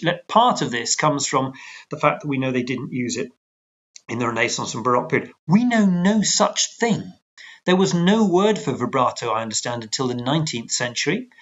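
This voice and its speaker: Guest: male choral conductor, animated and digressive, muffled video-call sound. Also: a little high. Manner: animated, digressive, with lively asides. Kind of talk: conversational explaining.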